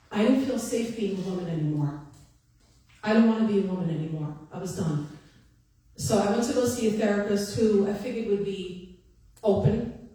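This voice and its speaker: A woman's voice: medium pitch, mellow. A woman in her fifties giving a candid, emphatic personal testimony to an audience, repeating short phrases for stress. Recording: echoey hall, voice from far off.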